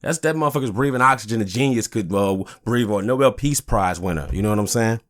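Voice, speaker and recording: A man's voice: lowish voice, fast. Angry profane male podcast host. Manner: angry, profane, keeps saying "you know what I'm saying". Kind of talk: casual ranting monologue.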